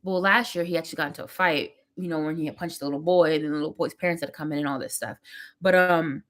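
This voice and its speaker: A young woman chatting to camera as she does her makeup, telling a story about her son with lively quotes. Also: deep voice, fast. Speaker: vlogger, mother. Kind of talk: casual chat to camera. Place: home.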